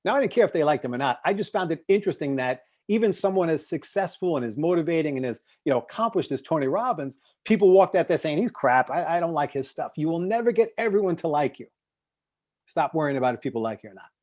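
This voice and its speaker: A middle-aged man with a slightly raised voice gives a motivational talk to a group on a video call. He tells his stories with lively swings, bursting loud and then dropping to hushed asides. He has the easy, persuasive delivery of a working success coach. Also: on the high side, fast. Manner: animated storytelling, shifting between loud bursts and hushed asides.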